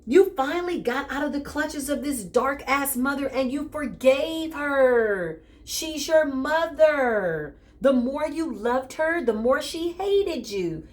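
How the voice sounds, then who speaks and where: A woman giving a casual tarot reading straight to her listener, animated and joking, often calling out "listen" and "okay". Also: sits high, slow pace, hardly any pauses. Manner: animated and joking, with bursts of laughter. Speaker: tarot reader.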